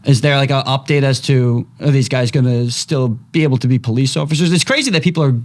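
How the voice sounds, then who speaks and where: Man, middle-pitched voice, co-host, casual sports chat, asks lots of questions. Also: quick pace. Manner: inquisitive, asks follow-up questions. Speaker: podcast co-host.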